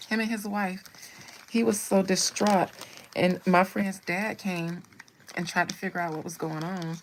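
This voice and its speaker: A woman tells a personal story on a live stream. She is blunt and wry, and her voice has a gravelly, creaky edge. Faint noise hums under the recording. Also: on the low side, fairly even intonation, unhurried, poor audio. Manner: blunt, humorous storytelling with asides. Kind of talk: casual storytelling.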